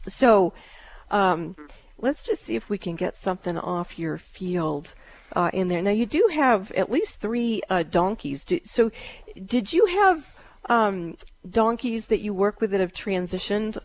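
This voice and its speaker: A woman hosting a call-in psychic radio show, giving calm, halting readings with many fillers. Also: mid-range voice.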